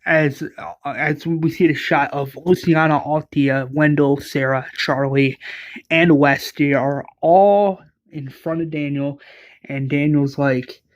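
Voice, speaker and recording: A man retells a fan-fiction story in a casual, rambling way, full of fillers and restarts. His voice sits a little high, and the recording is dry and close. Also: steady tone, slow, no echo.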